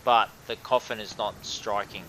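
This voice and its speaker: A man narrating as game master of a tabletop game, with many pauses and fillers. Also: lowish voice, fairly even intonation, noisy background. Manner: hesitant, filler-heavy narration.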